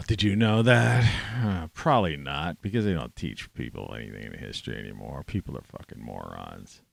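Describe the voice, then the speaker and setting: A man ranting to camera in a rambling, profane monologue, scornful and swearing constantly, with sudden loud outbursts. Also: extremely low pitch, big pitch swings, normal speed, vocal fry, few pauses, dry recording. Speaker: vlogger.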